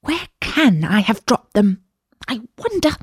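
A woman voicing an anxious, fussy male white rabbit who frets and mutters in a high voice. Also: big pitch swings, a little slow, husky, no echo, clean studio sound, full character voice. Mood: fretful.

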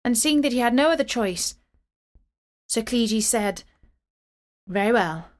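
A woman reading a medieval tale aloud in a steady, clear storytelling voice. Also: a little high, measured pace.

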